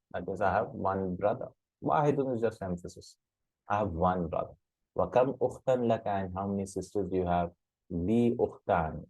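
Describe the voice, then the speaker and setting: A man's voice: lowish voice, darkish tone, breathy edge, no echo, low-quality recording. A man teaching Arabic grammar in a recorded lesson, patiently repeating words and checking in with "hmm?" and "right?".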